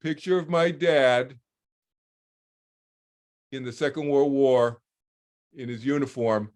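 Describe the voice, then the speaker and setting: Man, 60s, mid-pitched, animated storyteller who repeats himself mid-thought, heard over a video call. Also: takes it slowly. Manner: repeats words while finding his thread, voices other people in quotes. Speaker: interview guest, author.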